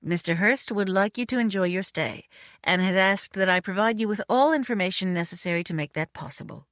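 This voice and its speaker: A woman's voice: medium pitch, animated, moderate pace, fairly bright tone, no room sound, clean studio sound, pitched above the performer's own voice. A woman voicing a dignified middle-aged housekeeper who speaks in a careful, formal, polite way.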